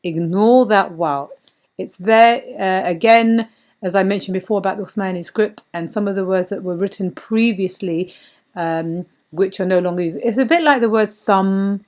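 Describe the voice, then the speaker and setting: A woman teaching Quran reading step by step, patient and repeating words slowly with many fillers. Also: lowish voice, darkish tone.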